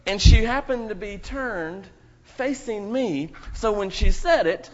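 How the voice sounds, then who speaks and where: A man's voice: high voice, expressive, slow, muffled recording, a little hiss or hum. A man serving as pastor in a church, leading a prayer and then telling a children's story with playful questions to the kids. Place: church sanctuary.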